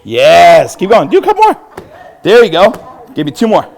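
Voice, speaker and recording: Young Texan man, martial arts instructor running a live class, cheerful and encouraging, voice a bit high. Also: huge pitch swings, normal speed, vocal fry, a little mellow. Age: young adult. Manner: upbeat, encouraging, laughs often. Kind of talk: live self-defense class. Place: church hall.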